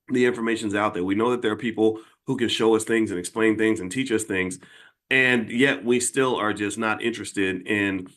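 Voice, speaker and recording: A man's voice: on the low side, a bit bright. A middle-aged man hosting his channel, talking straight to viewers in an earnest, conversational way, often repeating and restarting phrases. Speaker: channel host and finance educator. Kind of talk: casual monologue to viewers.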